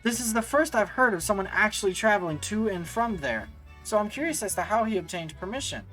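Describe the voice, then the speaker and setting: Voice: medium pitch, animated, brisk, fairly bright tone, voice pushed up, natural voice, poor audio. A streamer voicing a haughty woman scholar, reading game dialogue in a theatrical, mock-formal way with stammers, over faint music. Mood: pompous.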